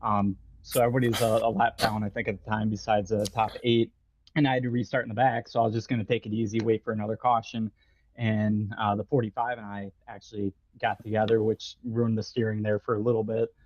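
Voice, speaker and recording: A man, a racing driver, giving a quick, chatty post-race interview while still catching his breath. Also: fairly low pitch, level tone, a little mellow. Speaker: racing driver, second place. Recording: dull lo-fi line with faint noise.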